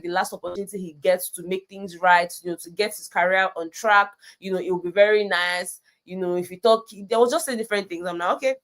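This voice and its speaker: Speaking in a mid-range voice with a Nigerian accent, a woman chats animatedly through a casual reality show recap vlog. She sprinkles in "you know" often and slips into Pidgin now and then.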